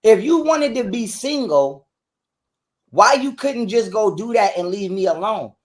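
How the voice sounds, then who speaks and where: A man, ranting in a heated interview, profane and repetitive, acting out quotes loudly. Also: high voice, expressive, a little slow. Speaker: guest telling his side of a breakup.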